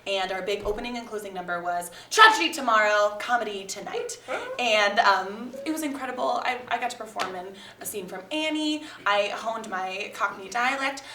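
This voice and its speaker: A woman who teaches theatre tells a lively, laughing story to a live audience. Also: mid-range voice, moderate pace, distant mic. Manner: animated, laughing often. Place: performance room with an audience. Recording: echoey room, mic from afar, crowd noise.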